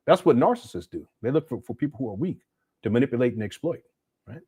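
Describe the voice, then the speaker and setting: A man's voice: mid-range voice, sing-song, fast, darkish tone, husky, dry recording. Blunt man hosting a livestream. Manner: blunt and critical, with frequent restarts. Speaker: host. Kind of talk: livestream commentary answering viewer chats.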